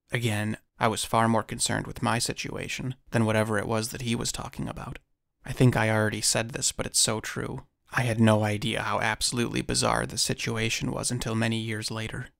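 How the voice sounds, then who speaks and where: A man narrating a first-person encounter story in a measured storytelling manner with dry asides. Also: medium pitch, vocal fry, fairly bright tone, no echo.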